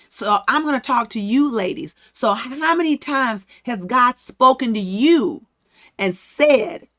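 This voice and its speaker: Woman podcast host, casual Bible teacher, animated storyteller, higher pitch. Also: unhurried.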